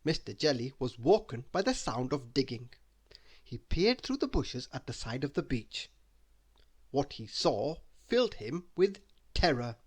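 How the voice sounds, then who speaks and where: A man reading a children's bedtime story aloud, slow and expressive. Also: medium pitch, slightly rough.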